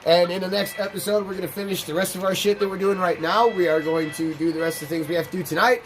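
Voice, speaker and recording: A man's voice: high-pitched, fast, slight background noise. A man hosting a let's play, telling a personal story and cursing freely as he plays. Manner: candid, profane, animated. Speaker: gaming channel host.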